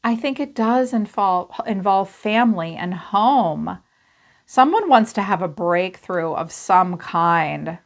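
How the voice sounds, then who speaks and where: A woman's voice: mid-range voice, expressive, takes it slowly. A woman giving a casual tarot reading, talking candidly and chattily and swearing freely. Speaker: tarot reader.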